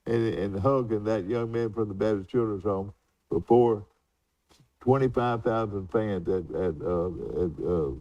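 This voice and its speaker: Rambling older man, dark voice. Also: fairly low pitch, a little slow, no room sound, recorded from a distance, lo-fi sound. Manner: rambling reminiscing, many fillers and restarts. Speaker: co-host. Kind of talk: casual chat.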